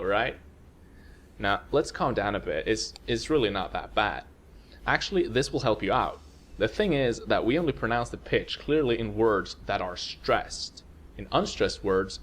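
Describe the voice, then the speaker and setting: Low-ish guy teaching a language lesson, calm and clear, faint hiss behind. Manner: calm, explanatory. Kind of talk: explaining a lesson.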